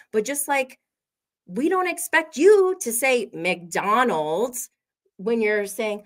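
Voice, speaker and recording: A woman's voice: fairly high pitch, animated, slow pace, a bit bright. An American woman hosting a casual reality TV recap, chatty and opinionated, with frequent fillers and laughter. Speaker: host.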